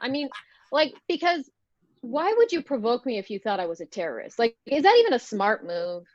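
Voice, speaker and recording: A woman's voice: on the high side, sing-song, a little fast, no echo, highs cut off. A woman performing a stand-up comedy set over a video call, telling wry stories with lots of fillers. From United States. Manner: wry, conversational storytelling with many fillers.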